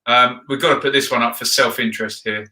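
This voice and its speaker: A man's voice: medium pitch, fairly even intonation, quick pace, pushed and bright. A man hosting a football video, chatting casually and rambling with frequent ums while he reads out viewer comments. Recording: roomy echo.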